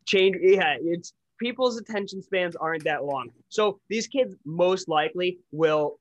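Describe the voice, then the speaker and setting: A man's voice: high voice, a little slow, highs cut off. A man co-hosting a podcast in casual chat, ranting bluntly and swearing freely. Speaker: podcast co-host.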